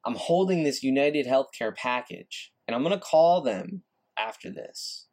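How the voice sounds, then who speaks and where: A man's voice: a little high, expressive, a little slow, a little mellow. A man hosting a solo podcast, ranting in a frustrated, repetitive way and swearing casually. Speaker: podcast host.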